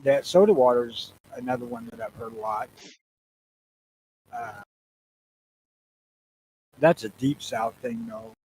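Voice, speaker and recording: A man's voice: medium pitch, very animated, takes it slowly, gravelly, pauses often, a little mellow, slight background noise, rough recording. A man from the northern US telling stories bluntly as a podcast co-host, swearing freely. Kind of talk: casual crude podcast banter.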